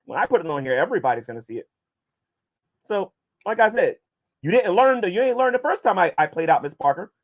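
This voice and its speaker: A man's voice: high-pitched, big pitch swings, fast. A man vlogging as he answers viewer questions and combatively addresses his critics, often restarting his sentences. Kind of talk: casual vlog monologue.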